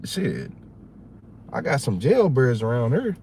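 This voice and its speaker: A man with a Southern US accent hosting a livestream, chatting casually in a rambling, animated, slangy way. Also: sits high, moderate pace, slight background noise. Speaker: livestream host.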